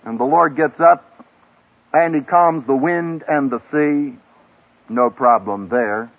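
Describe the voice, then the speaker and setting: A man preaching with dramatic emphasis, his fairly high voice leaping up and dropping low for effect. It comes through a thin, tinny archival radio recording. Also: takes it slowly. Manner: dramatic, emphatic delivery with wide swings in pitch and loudness. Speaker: seminary professor preaching. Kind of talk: sermon to a graduating class.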